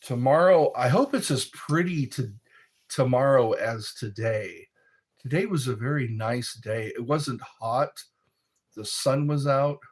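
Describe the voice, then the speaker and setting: Mid-range with a breathy edge, this American man is a bit tipsy from wine as he chats casually on his stream. He rambles at a slow pace and voices the chat messages aloud.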